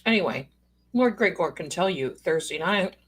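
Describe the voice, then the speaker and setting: A woman's voice: on the low side, expressive, normal speed, slightly rough. A woman hosting a live stream in casual chat, a chatty, rambling storyteller with playful asides who calls her viewers pet names.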